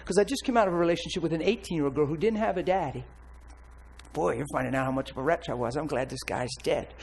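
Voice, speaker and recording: A man preaching a candid, blunt personal testimony with animated storytelling. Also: fairly high pitch, fast talker, creaky, noisy background. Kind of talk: sermon testimony.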